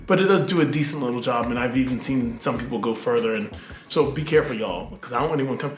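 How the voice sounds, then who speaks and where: A man's voice: medium pitch, fast. Chatty man, roomy apartment sound. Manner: chatty, rambling, self-mocking. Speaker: double bass player. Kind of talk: casual talk to camera. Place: apartment at night.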